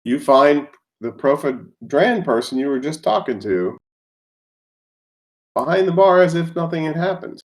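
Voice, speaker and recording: A man running a tabletop game as game master, narrating scenes and pausing to look things up. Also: a little high, lively intonation.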